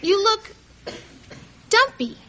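An actress playing a bossy older sister who coaches her sibling with quick, teasing wisecracks. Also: very high-pitched, sing-song, fairly bright tone, a little hiss or hum, exaggerated voice. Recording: sitcom audio with studio laughter.

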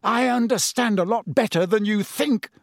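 A man voicing an enraged teenage boy wizard who shouts with a shaking voice. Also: high voice, lively intonation, slow, no echo, clean studio sound, voice pushed up. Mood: furious, shaking.

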